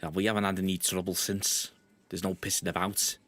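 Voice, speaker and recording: A man's voice: deep voice, flat delivery, a little fast, a bit bright. A man voicing a smug, chatty store manager with a Liverpool accent. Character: smug middle-aged Scouse store manager.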